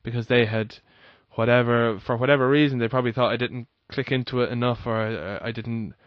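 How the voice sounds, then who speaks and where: A man talks quickly and eagerly in a casual podcast chat. His voice sits in a middle register. The recording is dull and dry. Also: mid-range voice, little pitch movement, dry recording. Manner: chatty, quick, asks questions.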